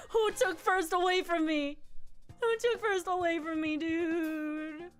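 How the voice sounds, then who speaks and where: A woman streamer chatting casually with her viewers while playing games, excitable and quick to laugh. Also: extremely high pitch, music in the background. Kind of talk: casual live-stream chat while gaming.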